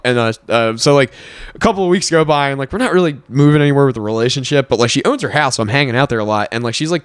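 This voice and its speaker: A man's voice: mid-range voice, clean tone, no echo, clean studio sound. A young man hosting a podcast, telling stories in a rambling, crude way full of "like". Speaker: podcast host. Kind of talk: casual chat.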